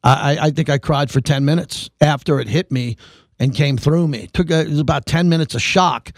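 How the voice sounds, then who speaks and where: A man hosting a sports radio talk show, speaking emphatically and building excitement. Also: a little high, a little fast, no room sound, clean studio sound. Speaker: radio host.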